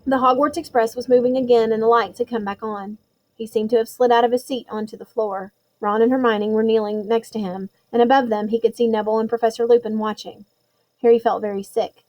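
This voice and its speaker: A woman narrating a storybook chapter in a measured, suspenseful way. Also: on the high side, steady tone, darkish tone, poor audio. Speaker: audiobook reader.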